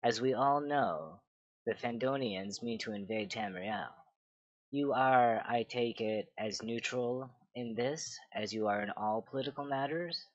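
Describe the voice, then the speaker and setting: A man's voice: medium pitch, measured pace, dry recording, highs cut off, lightly acted. A man voicing a haughty scheming queen. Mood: imperious. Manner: haughty, cutting. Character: scheming proud queen mother, imperious.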